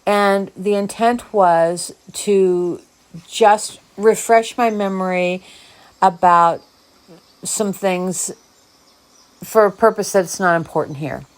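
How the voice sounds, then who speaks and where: A woman's voice: mid-range voice, takes it slowly. A woman hosting her own video diary podcast, musing aloud in a meandering, reflective way. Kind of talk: personal diary monologue.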